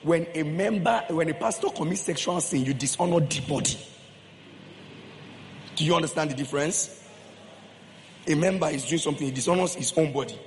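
A man preaches with emphatic repetition, pressing his listeners with questions. His voice sits a touch high for a man. Long reverb from the hall trails his words, over a faint wash of room noise. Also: fairly quick, pauses often. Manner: emphatic, repeats phrases, questions the congregation. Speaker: pastor. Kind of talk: sermon.

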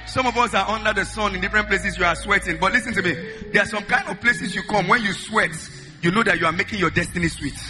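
A man preaching as a pastor, leading loud prayer with fervent, repeated declarations, each phrase often opened with "uh". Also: high voice, fast talker, music in the background. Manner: repeats lines in a rhythmic chant. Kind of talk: sermon and loud congregational prayer.

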